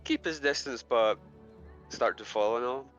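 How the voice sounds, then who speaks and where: A man playing a tabletop game, explaining his character's moves slowly and deliberately. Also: medium pitch, a bit bright, highs cut off, soft background music. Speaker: player. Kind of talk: casual tabletop game play.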